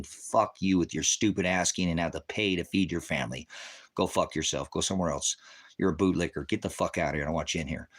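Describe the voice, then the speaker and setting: A man's voice: deep voice, a bit bright. A man hosting a livestream who argues with his chat in a combative, swearing, dismissive way. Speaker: livestream host of a ministry channel. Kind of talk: profane livestream rant answering chat.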